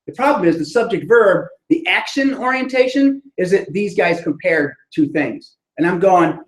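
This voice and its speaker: In an echoey room, a writing instructor with a high voice teaches a classroom lecture on sentence structure at a moderate pace with few pauses. He talks students through it conversationally, frequently checking in with "right?"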